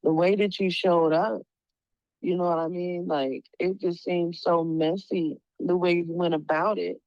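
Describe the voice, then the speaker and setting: A woman with a slightly low voice talks in a relaxed, casual way and keeps checking that she is understood. The sound is dry and close, with dull, lo-fi quality. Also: a little slow, no room sound. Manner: relaxed, short agreeing replies. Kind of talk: casual conversation.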